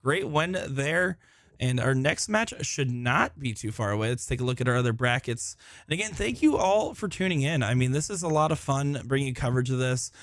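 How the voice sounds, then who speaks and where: A man's voice: mid-range voice, lively intonation, fairly quick, no room sound, clean studio sound. A man giving live solo commentary at a darts tournament in a busy room, chatting with viewers and joking about himself. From Florida. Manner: chatty, joking, self-deprecating.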